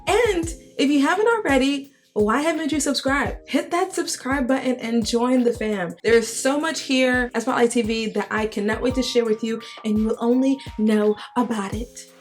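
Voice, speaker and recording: A young adult woman hosting, retelling Bible stories in a lively, slangy, conversational way. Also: fairly high pitch, normal speed, hardly any pauses, faint music behind. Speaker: host. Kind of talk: casual Bible storytelling.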